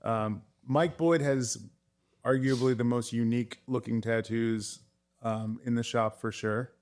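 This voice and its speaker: A man's voice: mid-range voice, unhurried. Male tattoo artist guest, easygoing and profane, full of stories and laughter. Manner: animated storyteller, swears, laughs often. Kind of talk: casual chat.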